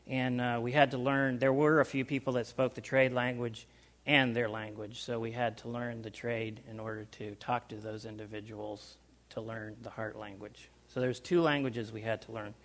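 A man telling a personal story to a small group, animated, with loudness swinging up and down and sounds acted out. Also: mid-range voice, normal speed. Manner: animated, loudness rising and falling, acts out sounds. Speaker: speaker recounting life overseas.

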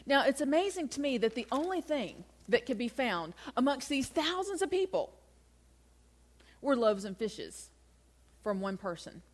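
A woman's voice: high-pitched, sing-song, measured pace. A woman giving a conversational Bible teaching, talking through the passage and asking her listeners rhetorical questions. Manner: chatty, asks rhetorical questions.

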